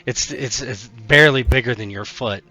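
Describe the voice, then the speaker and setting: A man narrating as game master of a tabletop game, halting and full of fillers. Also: mid-range voice, bright, forceful tone, faint music behind.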